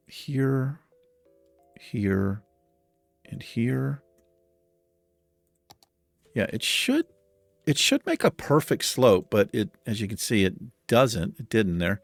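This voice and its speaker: A man's voice: fairly low pitch, no echo. A man hosting a gaming channel, thinking aloud and muttering in casual let's-play commentary, mildly exasperated.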